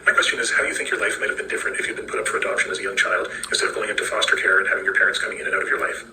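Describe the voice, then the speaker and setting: A man reading out a smooth, scripted question in a voice memo. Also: lowish voice, fairly even intonation, very fast, reverberant, noisy background. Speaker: caller leaving a voice memo.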